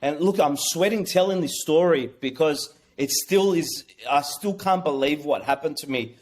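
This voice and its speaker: A young man telling a personal story as a podcast guest, excited and swearing, often restarting his sentences. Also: a little high, moderate pace.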